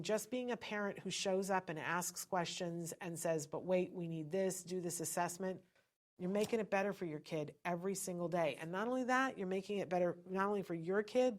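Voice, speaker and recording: A woman's voice: on the low side, fairly quick, hardly any pauses. A middle-aged woman hosting a live-stream podcast, chatting with viewers in an encouraging way. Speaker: podcast host.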